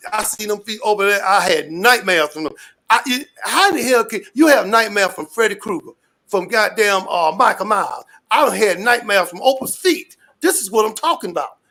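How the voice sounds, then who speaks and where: Southern guy from alabama going off, kinda high voice, cussing nonstop, rambly stories. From Birmingham, Alabama. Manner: loud, cussing, rambling storyteller. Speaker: guest commentator. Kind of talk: profane ranting commentary.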